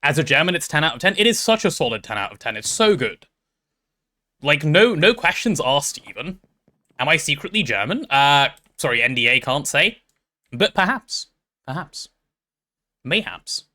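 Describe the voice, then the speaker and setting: A man streaming a game, chatting casually with his chat and thinking out loud as he plays. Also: a little high, very animated, moderate pace. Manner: chatty, thinks aloud while playing and answers chat.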